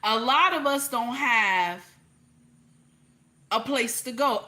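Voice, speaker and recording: A woman with a New Jersey accent delivers a blunt livestream rant in a high, bright, forceful voice. She repeats her points and checks in with "okay?" as she hammers them home with profanity. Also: expressive, takes it slowly. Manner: emphatic, repetitive, blunt and profane, keeps asking "okay?". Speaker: online commentator.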